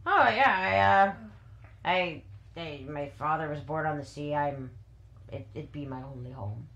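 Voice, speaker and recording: A woman voicing a plainspoken male fisherman, who speaks in halting, hesitant bursts. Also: mid-range voice, fairly even intonation, fairly bright tone, dull audio, lightly acted. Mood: wistful.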